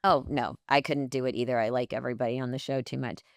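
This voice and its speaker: A woman's voice: a bass voice, fairly even intonation, quick pace, no room sound, clean studio sound. A woman in her fifties hosting a casual interview, wry and conversational as she asks questions. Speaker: host.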